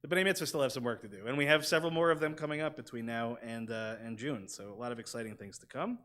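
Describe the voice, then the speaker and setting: A man's voice: medium pitch, fast talker, a bit bright. A congested man chatting through announcements as leader of a synagogue service, with loose trailing asides. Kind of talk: congregation announcements. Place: synagogue sanctuary.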